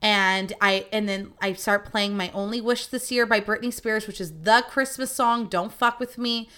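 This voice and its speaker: A woman's voice: mid-range voice, normal speed, a bit bright, clear, resonant tone. A young woman hosting a podcast, telling stories in a chatty, profane, casual monologue. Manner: chatty, profane, acts out quoted voices. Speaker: podcast host.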